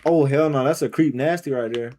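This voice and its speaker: A man live-streaming a game, reacting out loud in casual, slangy commentary and talking to himself and his viewers. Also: mid-range voice, a little fast. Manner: excitable, slangy, talks to himself and chat.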